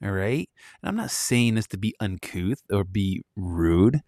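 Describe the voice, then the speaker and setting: A man's voice: lowish voice, lively intonation, unhurried, darkish tone, dry recording, clean studio sound. Blunt ranting man in his thirties. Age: 30s. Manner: blunt, ranting, laughing often. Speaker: podcast host. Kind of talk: opinionated solo commentary.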